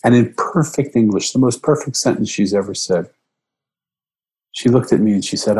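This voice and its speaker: A middle-aged man earnestly telling a personal story, emotional and reflective, his pitch jumping up when he quotes himself. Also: moderate pace, darkish tone, breathy edge, rough recording.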